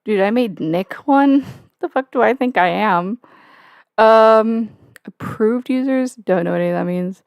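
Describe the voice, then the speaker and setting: A young woman chats on her home livestream, her voice sitting a little high. She rambles, swears freely and jokes with many fillers. The sound is dry and close to the mic. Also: measured pace, creaky, clear, resonant tone, no room sound. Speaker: livestream host. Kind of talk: casual livestream chat.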